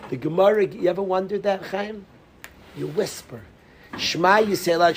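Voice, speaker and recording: A man teaching a lively Torah class as a rabbi, calling on students by name and dropping to whispers. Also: high-pitched, normal speed, creaky, slight background noise, rough recording. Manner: animated, calls on students by name, drops to whispers.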